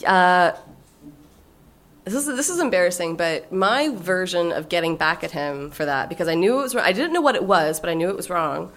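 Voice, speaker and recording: A woman in her forties, a guest on a podcast, tells a personal story frankly, with swearing and frequent laughter, in a candid conversational way. Her voice is on the low side and a bit bright, expressive, and at a normal speed.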